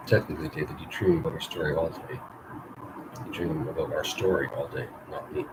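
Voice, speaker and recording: A man reading the lines of a calm, teasing young woman in a dry, matter-of-fact way. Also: extremely low pitch, a little fast, far from the mic. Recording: loud background noise.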